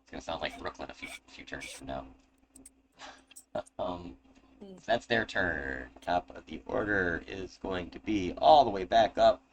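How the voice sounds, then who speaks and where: Low-pitched male game master, casual joking delivery, noisy home recording. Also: normal speed. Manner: casual, swearing, laughing asides. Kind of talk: narrating a tabletop game.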